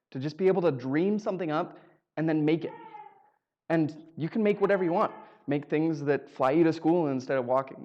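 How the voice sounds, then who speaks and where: A man with a somewhat high voice tells a personal story before a live audience. He is wry and self-mocking, and he slips into quick acted-out exchanges as he goes. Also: darkish tone, muffled recording. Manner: humorous, self-mocking delivery that acts out dialogue.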